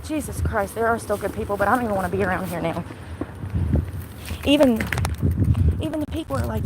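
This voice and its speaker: A woman's voice: mid-range voice, lively intonation, brisk, long pauses. Agitated woman ranting outdoors. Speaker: vlogger. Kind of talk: ranting vlog to camera. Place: outdoors by a busy road. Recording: loud outdoor traffic noise.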